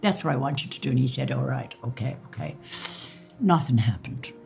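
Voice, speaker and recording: A woman's voice: very deep voice, fairly quick, gravelly, soft background music. An older woman with an Irish accent, recounting memories in an interview, acting out old conversations and laughing now and then. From Ireland. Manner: lively storyteller who acts out quoted dialogue and laughs.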